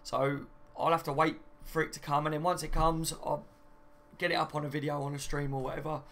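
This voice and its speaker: A man's voice: on the high side, little pitch movement, fairly quick, a bit bright. A young man hosting a live stream, reading out viewer comments in a chatty, matey way. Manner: chatty and matey, often says "mate" and "do you know what I mean".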